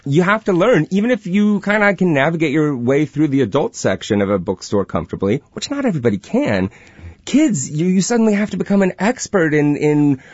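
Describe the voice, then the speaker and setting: A man's voice: fairly high pitch, very animated, fairly quick, slightly rough, dry recording, lo-fi sound. Earnest male radio guest, dry studio. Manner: earnest, thoughtful, restarts phrases. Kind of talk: casual radio chat.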